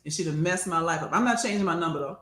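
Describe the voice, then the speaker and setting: A woman's voice: on the low side, very fast, reverberant, crowd noise. A woman co-hosting a political chat show, brash and profane, with a joking manner. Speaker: podcast co-host.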